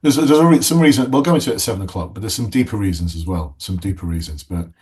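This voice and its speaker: A middle-aged man with a lowish voice talks casually to recruits, an ex-sergeant turned coach. He rambles through a story, drifting off on tangents and circling back. His delivery is chatty and loose, full of restarts. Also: lively intonation, fast talker, darkish tone. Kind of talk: casual anecdotal teaching talk.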